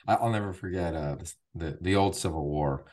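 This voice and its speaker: A male sports broadcaster with a low, deep voice, telling a story from the broadcast booth. He speaks casually and grows animated as he gets into the tale. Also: a little fast.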